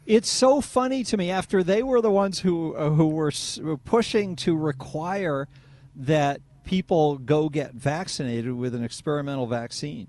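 A man hosting a call-in radio talk show, animated and sarcastic as he talks with his guest. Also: a little high, moderate pace.

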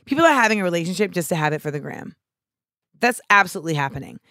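A woman in her thirties hosting a casual comedic chat, animated and profane, slipping in and out of mocking voices. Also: lowish voice, racing, no echo, clean studio sound.

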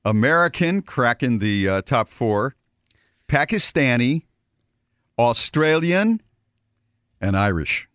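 A man co-hosting a radio show, reading out a list in casual, animated banter. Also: mid-range voice, slow, pauses often, clear, resonant tone, no echo, studio quality. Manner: animated, reads lists with playful asides.

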